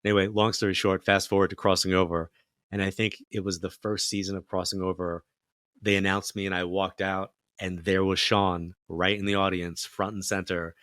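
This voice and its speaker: A man with a low voice chats as a guest, telling stories in a lively way and slipping into the voices of the people he quotes. The sound is dry and close, with no room around it. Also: moderate pace, dry recording. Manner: animated storyteller, acts out quoted voices. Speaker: psychic medium guest. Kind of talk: casual storytelling interview.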